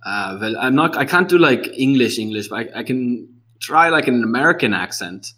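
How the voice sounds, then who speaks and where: A man speaking as a guest on a casual podcast interview, relaxed and chatty, joking, with frequent fillers. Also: mid-range voice, moderate pace.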